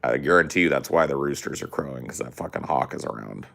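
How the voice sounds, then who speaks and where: A man's voice: very deep voice, fast talker, creaky, sharp tone. An American man with a mix of country and Californian accent, chatting casually and profanely as a podcast co-host. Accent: mix of rural American and General Californian. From United States. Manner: profane, rambling, puts on mock accents. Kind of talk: casual chat.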